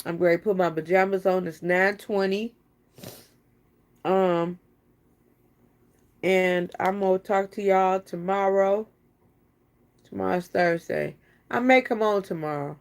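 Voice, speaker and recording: A woman's voice: medium pitch, steady tone, a little slow, pauses often. Chatty woman live-streaming to viewers. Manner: chatty, teasing, talks straight to viewers. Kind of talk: casual live-stream chat.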